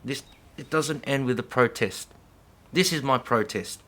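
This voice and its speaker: A man's voice: medium pitch, measured pace, fairly bright tone. A middle-aged man speaking to camera in an unscripted monologue, heated and profane, full of slang, who keeps checking in with "yeah?". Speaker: vlogger.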